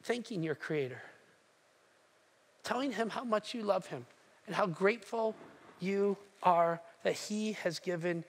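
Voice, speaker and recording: A male pastor preaching a sermon, retelling a story with animated acted-out voices and direct questions to the congregation. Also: sits high, a little slow, long pauses.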